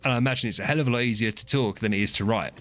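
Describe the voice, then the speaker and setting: A man's voice: medium pitch, racing, fairly bright tone. A man from England, streaming and chatting casually with his viewers in a teasing, rambling way. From southern England. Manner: chatty, teasing, frequent restarts and laughs. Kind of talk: casual chat with chat readers.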